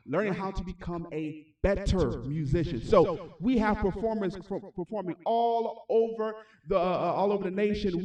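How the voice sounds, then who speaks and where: A man hosting a livestreamed recital as the music school's founder, with energetic, repetitive hype-man talk. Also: sits high, distant mic, noisy background. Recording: echoey room, voice off-mic.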